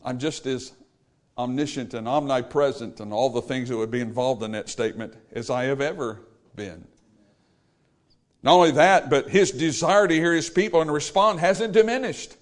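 A man's voice: mid-range voice, normal speed. A man preaching a sermon in an emphatic, repetitive cadence, stressing each phrase in turn. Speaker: pastor.

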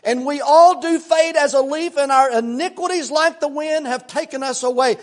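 An older male pastor preaching a sermon in a repetitive, impassioned cadence that drops into hushed, folksy storytelling. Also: very high voice, normal speed.

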